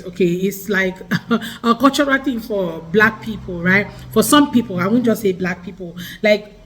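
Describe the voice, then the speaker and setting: A woman from Africa co-hosting, talking in a measured way and often checking in with "okay?". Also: mid-range voice, fairly bright tone, slight background noise, rough recording. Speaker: co-host. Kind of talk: casual commentary chat.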